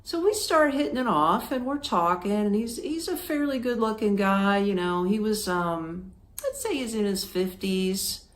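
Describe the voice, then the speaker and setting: Hosting her podcast, a woman from Florida recounts a trip in a relaxed, chatty style, full of fillers and quotes she performs. Her mid-range voice has lively intonation and a measured pace.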